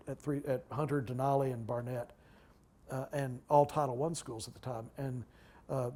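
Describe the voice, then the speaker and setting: A man in his sixties, a guest speaker, tells stories at a public talk in a halting way, full of restarts and asides. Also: mid-range voice, a little mellow. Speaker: guest speaker, retired library director. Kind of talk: anecdotal storytelling at a public talk.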